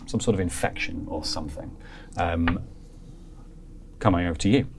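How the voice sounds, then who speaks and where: Low-voiced man running a horror game. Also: normal speed, creaky, slight background noise. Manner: loose, vivid, full of fillers. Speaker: game master. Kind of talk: narrating a tabletop horror game.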